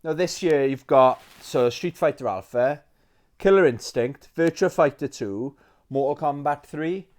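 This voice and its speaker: Chatty man talking retro games. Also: on the high side. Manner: chatty and rambling, quick to get excited, full of fillers. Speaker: retro game collector. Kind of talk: casual video chat.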